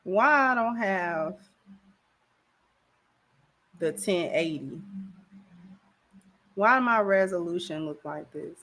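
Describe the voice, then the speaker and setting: A woman's voice: lowish voice, animated, slow pace, pauses often, a bit bright. A woman hosting a livestream, talking casually in a slangy, rambling way on a camera mic. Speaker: livestream host.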